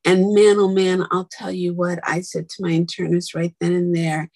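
A woman's voice: fairly low pitch, level tone, normal speed, few pauses, darkish tone, no room sound, poor audio. A woman telling her own story in a candid, angry, blunt and profane monologue, with whispered asides.

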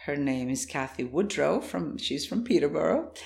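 A woman from Croatia speaks in an interview, her Croatian accent plain as she thinks aloud about her work. Her voice has a gravelly, fry-edged texture, and she laughs easily between thoughts. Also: sits low, expressive, moderate pace, darkish tone. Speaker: guest, actor and playwright. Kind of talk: interview conversation.

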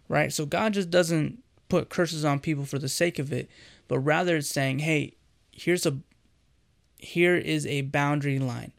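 A man's voice: fairly high pitch, gravelly. A man giving an earnest, conversational sermon as a devotional host, speaking directly to the listener.

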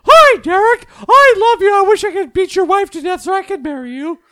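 A man doing a mocking impression of a young actress in a squeaky, exaggerated falsetto. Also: animated, brisk, sharp tone, no echo, clean studio sound, heavily acted. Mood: sugary. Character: shrill sweet-talking young woman, mock movie star.

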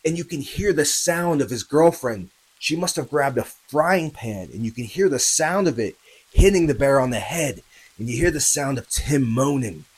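A man with a husky, slightly breathy voice narrates a true story for his podcast. He keeps it loose and chatty, speaks straight to the listener, and presses louder and more urgent as the story builds. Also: mid-range voice, animated, normal speed, poor audio. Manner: conversational, addresses listeners, many fillers and tag questions; grows louder and more urgent at tense moments.

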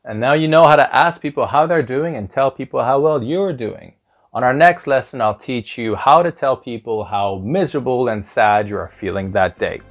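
A man's voice: mid-range voice, normal speed. A man hosting a podcast language lesson as a teacher, upbeat and repeating phrases with exaggerated rising intonation.

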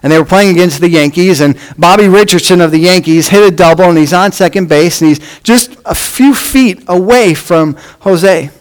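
A man preaching a sermon, with measured phrasing that drops off at the ends of lines. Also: high-pitched, low-quality recording. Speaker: pastor.

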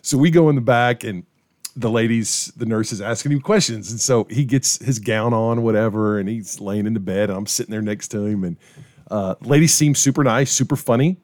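A middle-aged man, a pastor, casually telling a story to his co-hosts with lively acted-out quotes. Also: on the low side, normal speed, no room sound, clean studio sound. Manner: animated storyteller, acts out quoted voices.

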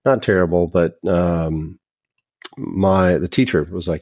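A man's voice: low-pitched, slow pace, darkish tone, highs cut off. A man guest on a podcast, telling stories from his career in a chatty, self-deprecating way and laughing as he goes. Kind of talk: casual storytelling interview.

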